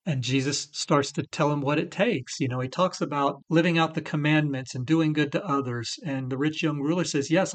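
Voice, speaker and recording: A middle-aged man co-hosting a faith-based recovery talk, sharing his personal testimony earnestly. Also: a little high. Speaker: recovery podcast co-host.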